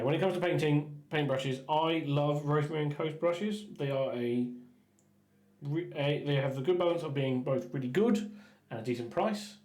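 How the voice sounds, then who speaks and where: A man chatting casually while painting miniatures on a stream, rambling with stumbling restarts and often trailing off quietly. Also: mid-range voice, echoey room. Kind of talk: casual painting livestream chat.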